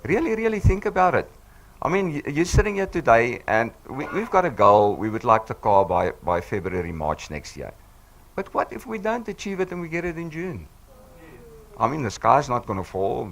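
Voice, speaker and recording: A man in his sixties with a husky voice, hoarse from flu, giving an emphatic, encouraging motivational speech to a live audience on a handheld mic. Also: mid-range voice, slight background noise. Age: 60s. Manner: emphatic, encouraging, repeats for effect. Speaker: business team speaker. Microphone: handheld microphone.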